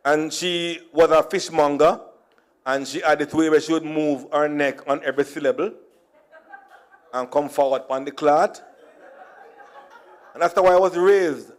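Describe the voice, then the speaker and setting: A man's voice: on the high side, fairly even intonation, normal speed, pauses often. Joking Jamaican man telling stories. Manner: jokey, slips into Jamaican Patois. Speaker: conference speaker. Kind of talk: humorous storytelling speech.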